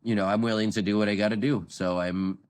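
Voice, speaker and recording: Podcast guest, man in late twenties, raspy and low, loose rambling delivery. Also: fast. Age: late 20s. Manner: rambling, animated storytelling. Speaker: guest vocalist. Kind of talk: casual chat.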